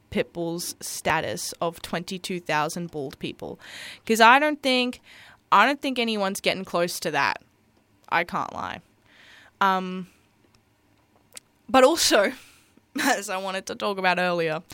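A woman's voice: lowish voice, fairly bright tone, clean tone, dry recording. A young woman hosting a community radio show, talking in a rambling, giggly way full of "like". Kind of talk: casual radio chat.

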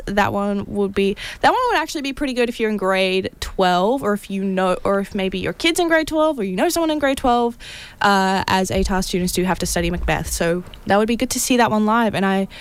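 A woman's voice: medium pitch, brisk, smooth. A woman co-hosting community radio, chatting through local events in a bubbly, enthusiastic way. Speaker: radio co-host. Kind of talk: casual radio event roundup. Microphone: studio microphone.

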